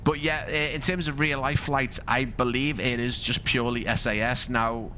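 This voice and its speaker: A man's voice: medium pitch, little pitch movement, moderate pace, bright, forceful tone, slight background noise. A man from Liverpool with a Scouse accent, chatting casually while live-streaming a flight simulator, rambling and thinking aloud with asides to his viewers. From Liverpool, England.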